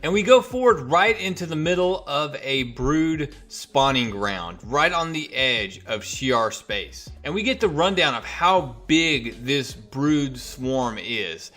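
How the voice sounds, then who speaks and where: A man giving a casual, energetic recap of a comic book issue, acting out the characters' lines as he tells the story. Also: a little high, takes it slowly, few pauses. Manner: energetic storyteller who acts out quoted lines.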